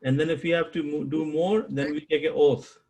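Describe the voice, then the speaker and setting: Man, grammar teacher, online class, patient, repeats terms, slightly high voice. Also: level tone, a little fast, a little mellow, rough recording. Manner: patient, repeats key terms and quizzes students. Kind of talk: live online class lecture.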